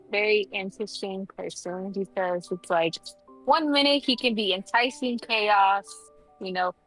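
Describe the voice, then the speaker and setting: A woman's voice: medium pitch, fairly bright tone, rough recording. Rambling, swearing woman stream guest. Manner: rambling, heavy filler words, swears casually. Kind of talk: casual livestream chat.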